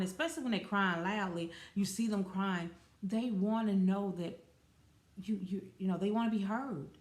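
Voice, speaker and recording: Woman, forties, podcast host, casual rambling talk, mid pitch, echoey room. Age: 40s. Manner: chatty, rambling, with fillers and self-corrections. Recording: roomy echo.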